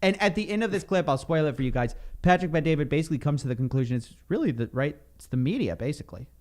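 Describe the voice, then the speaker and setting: A man's voice: a little high, very fast. A man co-hosting a casual podcast, joking and mimicking the people he discusses. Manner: animated, mimics people he mocks. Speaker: podcast co-host.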